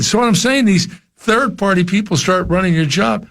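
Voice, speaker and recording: A man's voice: high voice, normal speed, creaky, hardly any pauses, a bit bright. An older man from New Jersey, a former coach, chatting casually on sports radio and often repeating his first words. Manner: rambling, repeats words when starting thoughts. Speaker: former college football coach, guest.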